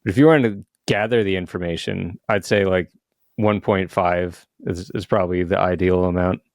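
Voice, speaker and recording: A man's voice: low voice, steady tone, normal speed, dry recording, studio quality. A man co-hosting a podcast in casual chat, hesitant, with many restarts and fillers. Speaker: podcast co-host.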